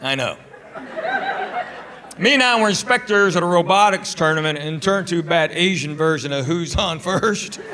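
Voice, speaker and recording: A middle-aged man performing stand-up comedy, telling family stories in a deadpan way with pauses before punchlines. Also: on the high side, a crowd in the background. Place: comedy club stage. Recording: live stage audio with audience laughter. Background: audience laughter.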